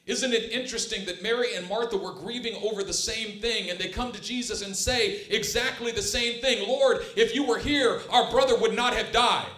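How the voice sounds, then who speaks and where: A man preaching a sermon with passion, swinging between hushed, tender lines and loud, emphatic ones. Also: high-pitched. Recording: roomy echo.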